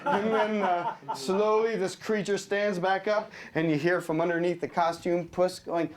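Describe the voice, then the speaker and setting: A man pitching a storyboard scene, animated and laughing as he acts out voices and sound effects. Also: measured pace, few pauses.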